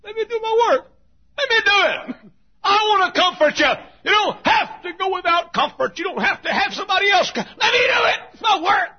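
A man's voice: very high voice, expressive, brisk, voice pushed up. A man voicing the Holy Spirit as an urgent, insistent presence, pleading to be allowed to help. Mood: fervent insisting. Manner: shouted, fervent pleading. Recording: dull lo-fi sermon recording.

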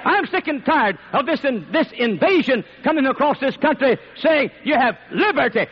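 A man preaching a fiery sermon in a high, husky voice that swings widely in pitch. He hammers points home through repetition and rising shouts. The recording is dull and lo-fi. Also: big pitch swings, moderate pace, few pauses.

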